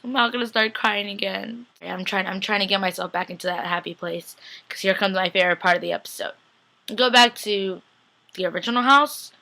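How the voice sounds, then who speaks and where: A young adult woman recaps an episode in a gushing, chatty vlog. Her voice is bright and forward, and she keeps acting out her own reactions with plenty of "like" in between. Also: mid-range voice, fairly quick, vocal fry, low-quality recording. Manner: gushing, chatty, acts out lines with lots of "like". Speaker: fan vlogger recapping a TV episode. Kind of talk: excited casual recap.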